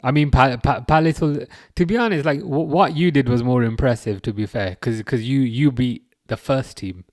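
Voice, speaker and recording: A man's voice: mid-range voice, normal speed, hardly any pauses, dry recording, clean studio sound. A man hosting a football livestream, chatting casually, chuckling wryly and answering comments from chat. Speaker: livestream host.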